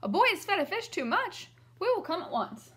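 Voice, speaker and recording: A woman reading aloud as an eager fireman who shouts his lines. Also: very high voice, sing-song, fairly quick, voice pushed up, exaggerated voice. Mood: shouting. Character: loud eager male fireman.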